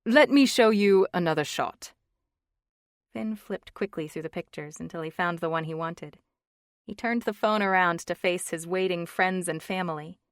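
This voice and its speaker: A woman narrating an audiobook in a measured manner, lightly voicing the characters, on a close studio mic. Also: fairly low pitch, steady tone, a bit bright, no echo. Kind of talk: scripted narration.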